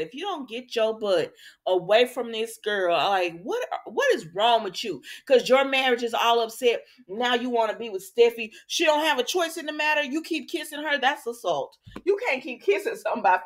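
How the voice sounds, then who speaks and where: Lively, exasperated woman recapping soaps. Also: fairly high pitch, normal speed. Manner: animated, exasperated, talks straight to her viewers. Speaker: soap opera recap vlogger. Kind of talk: casual recap talk to viewers.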